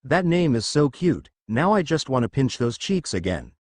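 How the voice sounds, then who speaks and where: A man voicing a humble, gentle middle-aged mother in a fan fiction reading. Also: medium pitch, sing-song, moderate pace, dry recording, clean studio sound.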